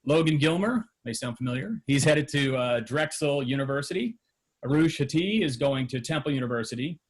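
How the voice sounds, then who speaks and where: A man's voice: mid-range voice, expressive, fairly quick. Male, middle-aged, school media teacher; loose spoken remarks at a board meeting, lots of fillers. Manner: conversational, with frequent fillers and restarts. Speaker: high school TV program advisor.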